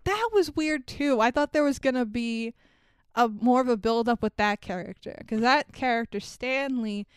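A woman's voice: fairly high pitch, moderate pace, clean tone, dry recording, studio quality. A young woman co-hosting a podcast, recapping a movie in casual chat, laughing, swearing and acting out lines. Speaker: podcast co-host.

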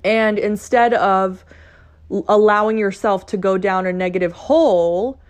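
A young adult woman hosting her own podcast, talking casually and playfully, cussing and acting out excited voices. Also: mid-range voice, measured pace. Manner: chatty, profane, playful, mimics excited voices. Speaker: podcast host. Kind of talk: casual solo podcast talk.

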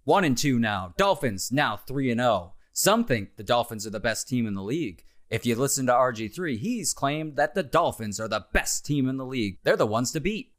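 A podcast co-host jokes around on a casual sports show, making his game picks and briefly trying out silly accents. His medium-pitched voice swings widely in pitch, moving at a moderate pace with hardly any pauses.

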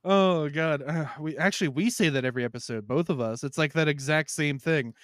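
A man's voice: fairly high pitch, normal speed, fairly bright tone, dry recording, clean studio sound. A man co-hosting a casual comedy movie podcast, joking and laughing often. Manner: joking, laughs often, puts on goofy voices. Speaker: podcast co-host.

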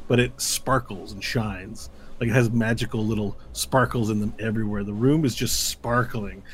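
A man's voice: mid-range voice, a little hiss or hum. A man narrating as game master of a tabletop game, talking casually and rambling with fillers.

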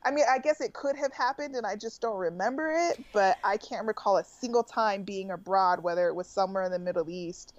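A woman with an American accent hosting a podcast, chatting in a relaxed way with lots of fillers. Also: mid-range voice, fairly quick, hardly any pauses, highs cut off. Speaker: podcast host. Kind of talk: casual conversational interview.

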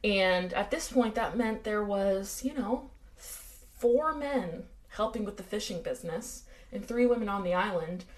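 A woman's voice: medium pitch, expressive, unhurried. An American woman co-hosting a true-crime podcast in casual chat, with dry sarcastic asides. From United States. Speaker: podcast co-host.

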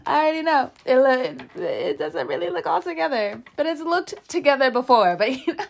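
A woman's voice: sits high, big pitch swings, normal speed, vocal fry, slight background noise. A woman hosting a casual tarot reading from a room above her garage, chatty and rambling, laughing often between asides. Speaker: tarot reader and channel host.

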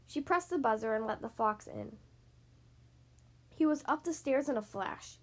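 A woman reading a children's picture book aloud, slowly and expressively. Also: a little high, lively intonation. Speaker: reader.

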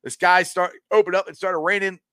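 A man hosting a casual live-stream sports show, excitable and rambling, with frequent laughs. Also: high voice, fairly quick, clean tone, no echo, clean studio sound.

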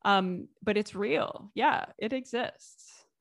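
An American woman talking casually as a guest, lively, with frequent laughs and fillers. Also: medium pitch, slow, creaky, no echo, clean studio sound. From United States. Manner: lively, laughs often, many fillers and restarts. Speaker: author and vlogger guest. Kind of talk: casual interview conversation.

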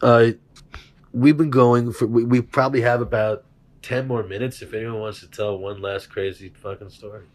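A man's voice: mid-range voice, moderate pace. A man hosting a casual chat, telling a story with lots of laughter and acted-out voices. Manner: animated, laughing, acts out voices in his stories. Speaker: host.

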